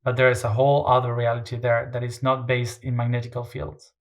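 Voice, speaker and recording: A man's voice: mid-range voice, monotone, fairly quick. Hesitant man musing as a guest. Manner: hesitant, many fillers and restarts. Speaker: interview guest. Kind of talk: reflective interview talk.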